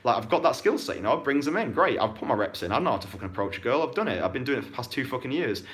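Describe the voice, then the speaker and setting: A man's voice: big pitch swings, fairly bright tone. A man with a British accent, a dating coach ranting and answering questions in a vlog, swearing heavily and talking emphatically. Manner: profane, emphatic, fast-swinging pitch. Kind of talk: motivational rant and Q&A vlog.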